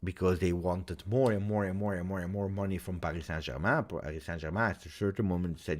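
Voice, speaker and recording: A man with a low-pitched voice talks briskly, barely pausing, while hosting a live football reaction stream from home in Belgium. He goes through viewer comments and reasons out loud in an animated way, peppering his speech with "uh" and "eh?"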